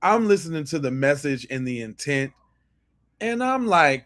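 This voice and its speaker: A man's voice: fairly high pitch, normal speed. A man hosting a podcast, reacting to clips with emphatic, profane commentary. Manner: animated, emphatic, swears freely. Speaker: podcast host.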